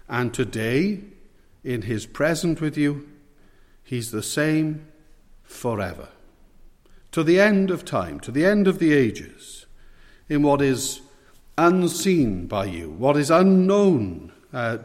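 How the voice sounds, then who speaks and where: A man of middle pitch delivers an expository sermon, earnest and measured, now and then putting questions to his listeners. His voice carries a long reverb, as from a church hall. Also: darkish tone. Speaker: preacher.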